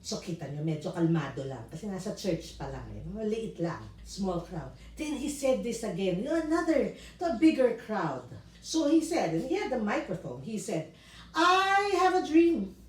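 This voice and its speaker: A woman's voice: medium pitch, big pitch swings, normal speed, few pauses, mellow, distant mic. A woman with a Filipino accent teaching public speaking in a video lesson, talking emphatically and slipping into Tagalog now and then. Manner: emphatic, demonstrative, switches into Tagalog. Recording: echoey room, voice set back from the mic.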